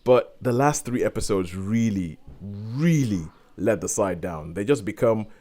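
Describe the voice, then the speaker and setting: A man co-hosting a podcast, giving an animated, exasperated review in casual chat and acting out quotes in sudden high voices. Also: measured pace. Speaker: podcast co-host reviewing a series.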